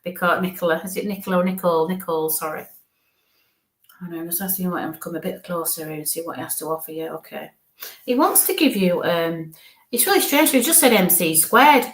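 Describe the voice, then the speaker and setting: A woman's voice: on the low side, expressive. A woman, a psychic medium giving a live-streamed reading in an affectionate, reassuring, chatty way. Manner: warm, affectionate, talks in quick asides. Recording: echoey room.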